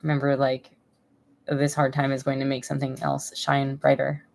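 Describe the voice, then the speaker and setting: A woman's voice: extremely low pitch, monotone, moderate pace, vocal fry, a little mellow. A woman in her thirties chatting casually on a live stream from home, rambling and emotional, laughing often. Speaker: vlogger.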